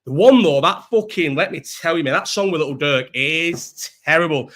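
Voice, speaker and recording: A man's voice: fairly high pitch, lively intonation, normal speed, a bit bright. A young man with a Scouse accent hosting a casual live-stream chat, rambling, swearing freely and restarting his sentences.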